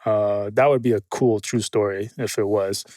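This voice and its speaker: A man in a casual podcast interview, telling animated stories, swearing freely and quoting other people. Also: on the low side, moderate pace, dry recording. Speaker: guest, military film consultant.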